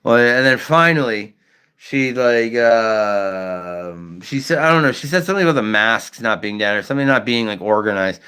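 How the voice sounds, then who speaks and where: A man's voice: medium pitch, expressive, moderate pace, bright, forceful tone, clean tone. A man hosting a casual livestream chat, talking bluntly and with lots of swearing, and stuttering at times. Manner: blunt, profane, ranting. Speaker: livestream host.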